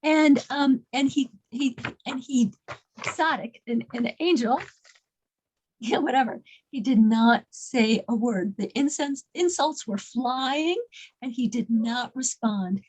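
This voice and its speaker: A woman leads a small group and tells them a story in a casual, unscripted way. Her voice sits high, and she stumbles and repeats words as she goes. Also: darkish tone, low-quality recording. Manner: halting, repeats words and restarts often. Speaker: class leader telling a story.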